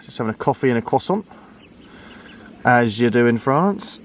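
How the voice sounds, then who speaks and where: A man's voice: mid-range voice, normal speed, a little hiss or hum. Chatty man vlogging from a lakeside. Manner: relaxed, chatty, uses "mate" a lot. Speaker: vlogger and angler. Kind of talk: casual fishing vlog chat. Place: lakeside fishing swim outdoors.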